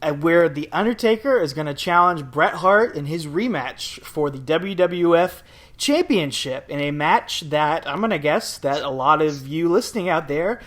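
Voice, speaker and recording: A man's voice: high voice, fairly bright tone. Upbeat chatty male podcast host. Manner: jokey, chatty, plenty of fillers. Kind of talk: casual podcast chat.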